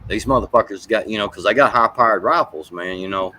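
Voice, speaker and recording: A man's voice: fairly low pitch, fast, pushed and bright, rough recording. A man telling a heated, profane, rambling story in casual chat.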